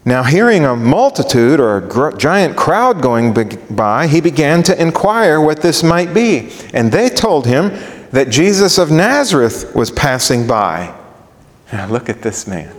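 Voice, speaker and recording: A man preaching a sermon, animated and acting out scenes in different voices. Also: mid-range voice. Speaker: pastor. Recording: long reverb of a large hall.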